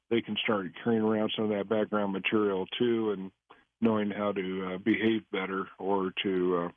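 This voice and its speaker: A man speaks as a radio guest over a tinny telephone line, his voice pitched on the low side. He answers in a measured, hesitant way, pausing often on fillers, and the sound is dry and close. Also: no room sound. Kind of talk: interview answers.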